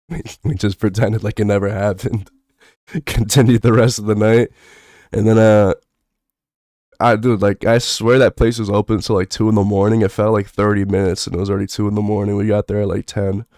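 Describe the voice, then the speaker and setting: Laid-back young male streamer, low voice, dry close sound, rambling and profane. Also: flat delivery, normal speed, darkish tone, no room sound. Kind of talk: casual storytelling on stream.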